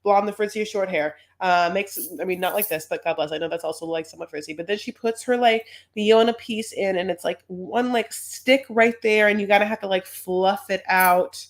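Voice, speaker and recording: A woman's voice: mid-range voice, normal speed, few pauses. A woman co-hosting a podcast in casual chat, rambling and playful while recapping a reality show. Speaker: podcast co-host.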